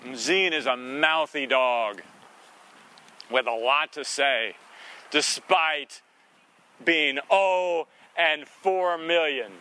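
A man's voice: fairly high pitch, drawn-out words, pauses often, pushed and bright. A man preaching a casual, conversational sermon in a sarcastic, folksy way, often acting out little voices in his asides.

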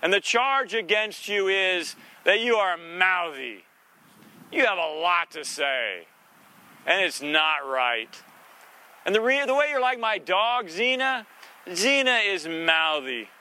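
A man with a high, very bright voice preaches in a loose, chatty way. He is sarcastic and folksy, and he slips into playful voices now and then to make his point. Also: very animated, slow, clear, resonant tone. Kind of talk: conversational sermon.

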